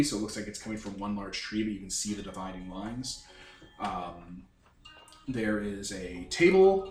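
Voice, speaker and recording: A man narrates a tabletop game as its game master, rambling and hunting for words as he describes the scene. His voice sits on the low side and is heard from a distance in an echoey room, with faint music in the background. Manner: rambling, full of fillers and restarts.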